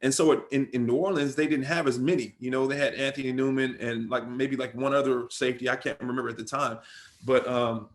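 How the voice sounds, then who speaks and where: A man's voice: medium pitch, steady tone, fairly quick. A middle-aged man, a former pro football player, tells stories in a loose, casual interview and keeps dropping "man" and "bro.".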